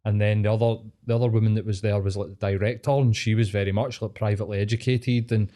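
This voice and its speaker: A man's voice: fairly low pitch, little pitch movement, quick pace, dark tone. A man with a Scottish accent, a podcast host chatting casually, swearing freely and rambling with lots of fillers. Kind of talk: casual chat.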